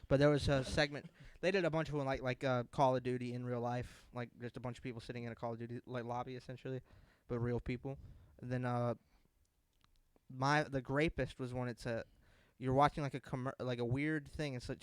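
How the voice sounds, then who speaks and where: A young man co-hosting a casual podcast, telling stories animatedly and acting out characters in shrill voices. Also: clear, resonant tone, dry recording. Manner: animated storyteller, acts out sketches in shrill voices. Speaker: podcast co-host. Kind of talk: casual chat.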